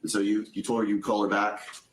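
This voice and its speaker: Deep-voiced male attorney in an echoey courtroom. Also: level tone, quick pace. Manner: methodical, restating answers before asking. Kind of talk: courtroom questioning.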